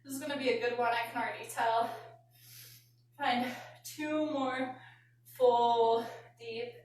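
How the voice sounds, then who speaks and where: A woman's voice: a little high, fairly even intonation, slow, darkish tone. A woman leading a live workout class, coaching with counts and audible exhales while out of breath. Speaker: fitness and yoga instructor. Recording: very echoey room, distant mic, faint noise.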